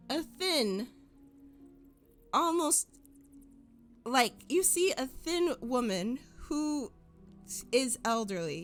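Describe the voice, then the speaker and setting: A woman narrating as game master of a tabletop role-play, describing scenes unhurriedly. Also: medium pitch.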